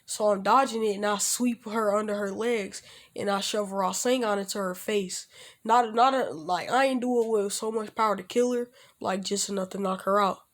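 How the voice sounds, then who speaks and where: A man's voice: high voice, steady tone, moderate pace, a bit bright. A young man casually telling a self-insert fan story, rambling with lots of restarts and loosely acting out the characters' lines. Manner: rambling, with frequent restarts and fillers like "basically" and "like".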